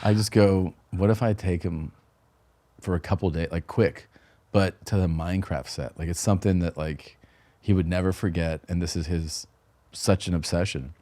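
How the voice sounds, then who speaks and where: A man guest telling a casual, animated story, acting out quoted dialogue and laughing often. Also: deep voice, moderate pace. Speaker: guest comedian.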